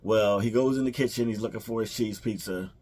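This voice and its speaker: A man's husky, darkish, low-side voice runs a little fast as he gives a casual movie recap for a review, rambling with fillers, restarting sentences and quoting characters.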